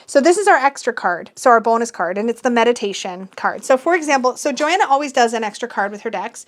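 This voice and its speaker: Excitable woman gushing over a tarot unboxing. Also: on the high side. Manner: gushing, excitable, with gasps and quick squeals. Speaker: tarot deck reviewer. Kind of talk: casual unboxing chat.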